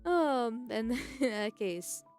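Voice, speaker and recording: A woman's voice: a little high, expressive, drawn-out words, darkish tone. A young woman chatting on a live stream, rambling with frequent restarts and laughs, and reading chat messages aloud. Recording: faint background music.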